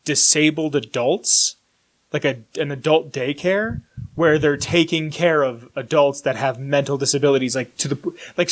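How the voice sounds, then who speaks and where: A young man with a fairly high voice tells a story on a podcast, ranting with exasperation. He keeps slipping into quick little voices for everyone else in the tale. His telling is loose and casual, full of asides. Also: fairly bright tone. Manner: acts out other people's lines in quick shifting voices. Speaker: podcast co-host.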